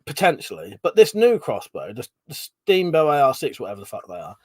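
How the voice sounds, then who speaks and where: A man's voice: mid-range voice, wildly swooping pitch, brisk, a little mellow, dry recording. Sweary man chatting on a livestream. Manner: rambling, sweary, laughs often, greets viewers by name. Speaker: livestream host. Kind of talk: casual live-stream chat.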